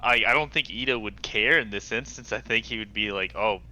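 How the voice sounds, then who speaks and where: Hesitant man, very bright voice. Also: lowish voice, fairly quick, highs cut off. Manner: hesitant, restarts often. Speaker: player. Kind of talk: casual game-table banter.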